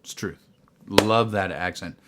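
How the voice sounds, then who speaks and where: A man with a somewhat low voice tells a work anecdote in a loose, casual way. He rambles and circles back, filling pauses with "uh" and "you know" as he talks about his job as a casino pit boss. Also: heavy background noise. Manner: rambling, filler-heavy anecdote. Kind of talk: casual storytelling vlog.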